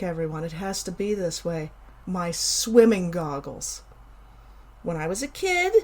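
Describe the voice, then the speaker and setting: A middle-aged woman from Canada, hosting a casual solo show and chatting animatedly through a personal story with playful emphasis and asides. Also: medium pitch. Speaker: podcast host.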